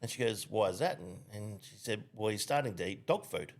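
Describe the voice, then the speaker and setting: A man's voice: lowish voice, expressive, fairly quick. Laughing Australian man telling crude jokes. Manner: rambling joke delivery with frequent laughter and swearing. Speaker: podcast co-host. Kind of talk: casual crude joke-telling chat.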